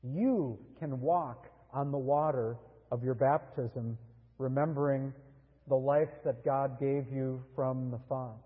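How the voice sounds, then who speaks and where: Slow, husky-voiced preaching man. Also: mid-range voice, steady tone, big-room sound, phone-quality sound. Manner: slow, earnest preaching with dramatic pauses. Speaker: pastor. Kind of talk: sermon.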